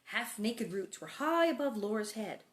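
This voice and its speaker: A middle-aged woman reads a children's book aloud and often breaks off to chat about it. She adds playful sound effects and now and then drops to a soft whisper. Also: fairly high pitch, very animated, moderate pace. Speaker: reader and host.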